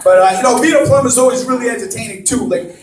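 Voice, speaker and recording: A man's voice: extremely high pitch, rapid-fire, very noisy. A man doing a stand-up comedy set, rambling and self-deprecating, with lots of fillers and restarts. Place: comedy club stage. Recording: roomy club sound from a distance, crowd laughter.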